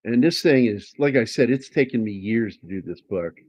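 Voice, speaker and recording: A middle-aged man talks through his own comic pages in a loose, casual chat. He rambles, restarts sentences, and drops in casual swearing. His pitch sits in an ordinary middle range for a man. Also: expressive, normal speed, darkish tone, dull audio. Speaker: comic artist showing his work.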